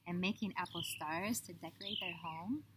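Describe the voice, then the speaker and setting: A woman telling a children's story outdoors in an expressive, drawn-out storybook manner. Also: fairly low pitch. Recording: outdoor noise with birdsong.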